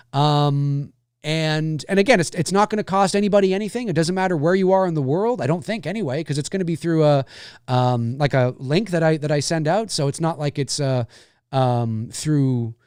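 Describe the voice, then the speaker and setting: A man's voice: on the high side, darkish tone, no room sound, studio quality. A man hosting a casual livestream, chatting in a meandering way and thinking aloud as he answers viewers. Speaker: livestream host answering chat.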